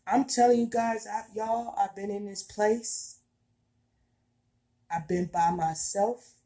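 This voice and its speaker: Taking it slowly, a woman with a mellow, steady, mid-range voice speaks from the heart as a spiritual vlogger. She addresses her viewers earnestly and emphatically in plain everyday speech, returning to the same points again and again.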